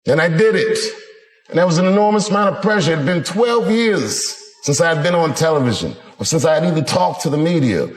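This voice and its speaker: A middle-aged man doing a stand-up comedy routine, telling a story with lively acted-out quotes. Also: on the high side, brisk. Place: large theater stage. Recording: reverberant hall with crowd noise. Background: audience laughter.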